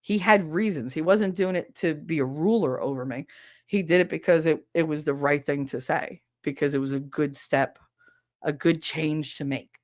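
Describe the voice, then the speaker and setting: A woman's voice: deep voice, moderate pace, darkish tone, no echo, clean studio sound. A woman hosting a podcast in a casual chat, frank and profane, reading viewer comments and laughing often. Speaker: podcast host.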